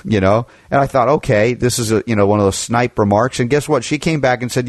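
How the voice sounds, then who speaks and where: A man's voice: mid-range voice, animated, a little fast, no room sound, studio quality. A man hosting a political talk radio show, chatting with a guest in an opinionated, rambling way with many restarts.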